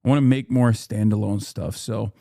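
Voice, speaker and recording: A man's voice: on the low side, steady tone, normal speed, gravelly, warm tone, no echo, studio quality. A man in his thirties talking casually on a live stream, rambling with restarts and fillers and reading viewer comments aloud.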